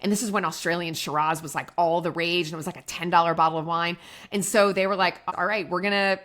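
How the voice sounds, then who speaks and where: Chatty low-voiced woman co-host. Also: fairly even intonation, fast talker, a bit bright. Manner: chatty storyteller, acts out quotes. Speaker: podcast co-host and wine brand owner. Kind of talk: casual business chat.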